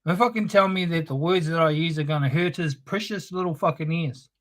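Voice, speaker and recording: This male streamer talks a bit fast in a fairly high register. His heated monologue is preachy and confrontational, full of swearing.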